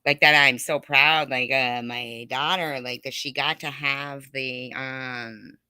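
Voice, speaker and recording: A woman's voice: rumbling low, steady tone, takes it slowly, sharp tone, clean tone, no room sound, studio quality. A middle-aged woman hosting a casual live stream, chatting with viewers in a rambling, giggly way full of fillers.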